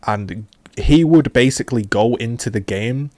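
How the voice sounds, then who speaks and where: A man's voice: medium pitch, moderate pace, warm tone, no room sound. A man, a gaming YouTuber casually rambling through a retrospective with many fillers and restarts.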